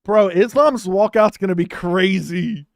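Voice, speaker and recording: Excitable young man reacting to a fight. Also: high-pitched, measured pace, gravelly, no room sound, clean studio sound. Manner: animated, swearing, repeats himself, bursts into loud outbursts. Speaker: host reacting to a live fight. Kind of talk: excited live watch-along chat.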